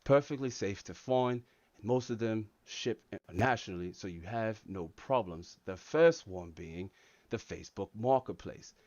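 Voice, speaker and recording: A streamer doing an impression of a cool British film actor, speaking slow and low. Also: male voice, darkish tone, dry recording, lo-fi sound, close to an everyday voice. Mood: smooth.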